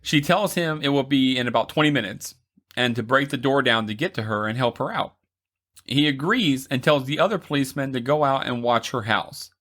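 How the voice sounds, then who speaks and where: Bright-voiced man recapping a movie. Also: mid-range voice, a little fast. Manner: recaps the plot with laughs and asides. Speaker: podcast co-host. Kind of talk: casual movie recap chat.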